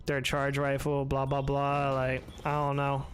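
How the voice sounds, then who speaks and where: A man's voice: medium pitch, completely flat delivery, a little slow, a little hiss or hum. A man streaming a game live, chatting loosely and rambling, swearing freely. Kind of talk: casual live-stream chat.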